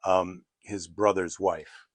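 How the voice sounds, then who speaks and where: A man's voice: sits low, flat delivery, takes it slowly, no echo. A man hosting a casual chat, retelling a Bible story in an irreverent, jokey way. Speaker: show host.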